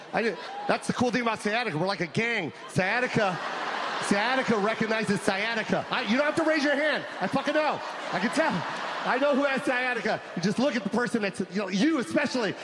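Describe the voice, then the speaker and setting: Loud high-voiced stand-up comedian. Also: male voice, fast talker, noisy background. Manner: loud, animated, laughing at own jokes. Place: live comedy venue with audience.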